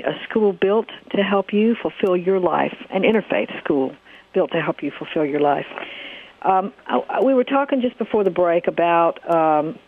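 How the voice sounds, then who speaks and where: A woman hosting a radio talk show, telling a story in an easy, hesitant way with many fillers. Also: on the low side. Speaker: radio show host and counselor. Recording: phone-like narrow sound.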